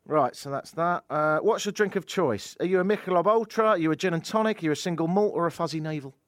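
A man's voice: on the high side, fast, dry recording. A man in his thirties hosting a casual radio chat in a studio, joking and telling wry stories. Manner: joking, wry, animated storyteller. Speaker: radio show host. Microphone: studio microphone.

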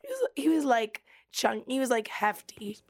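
A Canadian woman co-hosting a radio show, laughing along easily. Her voice sits a little high with a gravelly fry, and the studio sound is close and dry. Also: very animated, moderate pace, a little mellow, no room sound. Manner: laughing, good-natured. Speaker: radio co-host. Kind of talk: casual radio banter. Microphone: studio microphone.

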